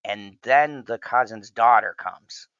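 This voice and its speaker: Low-voiced man giving a profane recap. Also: takes it slowly, vocal fry, a bit bright, clean tone, no echo, dull audio. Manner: loose, profane recapping with quoted lines. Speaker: show reviewer. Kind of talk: casual spoiler review recap.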